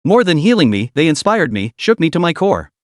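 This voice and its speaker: A composed, remorseful businesswoman chairman, put on by a male narrator in a storybook recap. She speaks calmly and earnestly, fairly high and very lively in pitch. The sound is dry and close. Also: brisk, dry recording. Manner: calm, earnest public speaking.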